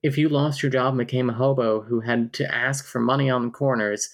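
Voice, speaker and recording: A man reading aloud the lines of a gentle, teasing young woman, in a light, plain voice. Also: mid-range voice, fairly even intonation, a little fast, lightly acted. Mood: playful. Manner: light, playful line reading.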